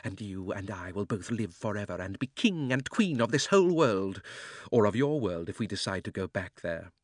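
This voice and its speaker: A man's voice: fairly low pitch, very animated, normal speed, dry recording, clean studio sound. A man reading an audiobook, voicing a cold, cunning sorceress who coaxes and scorns, her voice sometimes sinking to a whisper. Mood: scheming. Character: cold tempting sorceress queen, fierce and cunning.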